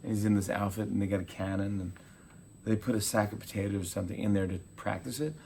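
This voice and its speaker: A man in his forties, a talk show host, telling animated stories in a casual interview and acting out quotes. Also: fairly low pitch, fast talker, creaky, a little hiss or hum. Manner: animated storyteller, acts out quotes.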